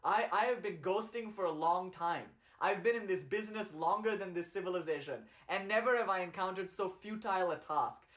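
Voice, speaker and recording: A man's voice: high-pitched, brisk, few pauses, a bit bright. A man voicing an ancient, weary ghost who is bound to serve and talks in casual slang. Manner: casual slangy storyteller's voice for the figure.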